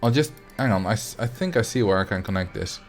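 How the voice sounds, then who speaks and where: A man's voice: on the low side, lively intonation, quick pace, soft background music. A young adult man streaming a game, chatting casually and rambling as he answers his viewers. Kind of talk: casual livestream chat while playing.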